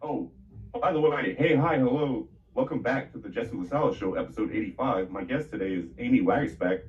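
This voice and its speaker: Man, 30s, podcast interviewer, low voice, animated pitch, joking and teasing, lo-fi screen-recorded sound. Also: brisk. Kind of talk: casual interview.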